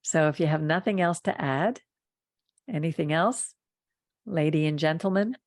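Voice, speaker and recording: A woman's voice: low voice, normal speed, darkish tone, no room sound, studio quality. A woman hosting a Torah study talk, speaking earnestly and with emphasis. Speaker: host of a Torah study program. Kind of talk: teaching talk and closing blessing.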